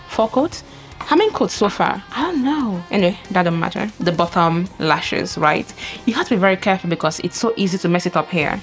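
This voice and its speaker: Chatty woman narrating a makeup tutorial. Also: on the low side. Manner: chatty, narrates each step with frequent exclamations. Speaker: makeup vlogger.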